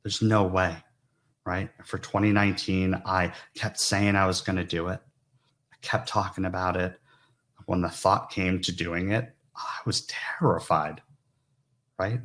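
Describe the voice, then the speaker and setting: A man's voice: deep voice, a bit bright. A man giving an earnest, confessional talk to a conference audience, often checking in with "right?". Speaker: conference speaker. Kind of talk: personal story talk to an audience.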